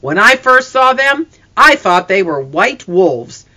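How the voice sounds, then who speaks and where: A reader voicing a shaken, excitable grown man hunter in a storybook reading, talking in a rushed, pleading way. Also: high voice, voice pushed up, full character voice. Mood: eager. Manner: breathless, pleading.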